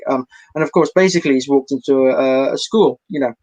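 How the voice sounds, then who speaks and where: Here the young comic talks fast with few pauses, his medium-pitched voice slightly mellow over a rough recording. It's a meandering, self-deprecating stand-up bit done at home for an online showcase, full of fillers and restarts.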